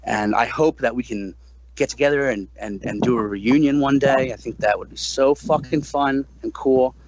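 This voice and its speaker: A man in his thirties, a guest musician in a casual podcast interview, talking animatedly, swearing freely and jumping up high when he quotes himself. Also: moderate pace, lo-fi sound, a little hiss or hum.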